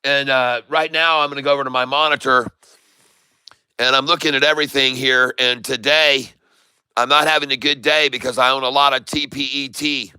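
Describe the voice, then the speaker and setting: A man giving live stock trading commentary, excitable, repeating his sell calls to viewers and joking in broken Spanish. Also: mid-range voice, a little fast, clear, resonant tone, dry recording. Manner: jokey, mixes in broken Spanish.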